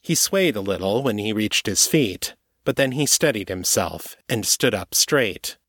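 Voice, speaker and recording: A man narrating an audiobook chapter in a steady, even storytelling manner. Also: on the low side, unhurried, no echo, clean studio sound.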